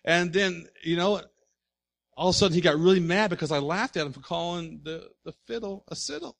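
A man preaching a sermon as pastor, animated and full of rhetorical questions to his congregation. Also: a little high, brisk.

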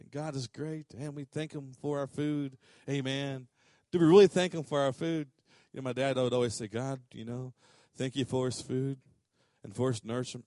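A middle-aged pastor preaches in a relaxed, conversational way, then builds to pressing questions. His voice sits fairly high for a man. The sound is dry and close. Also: dry recording. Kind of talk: sermon.

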